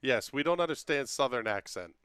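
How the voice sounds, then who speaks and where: A man's voice: mid-range voice, expressive, a little fast, fairly bright tone, smooth, dry recording, studio quality. A man hosting a casual livestream, joking as he reads out viewer comments and talks to them by name. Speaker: livestream host.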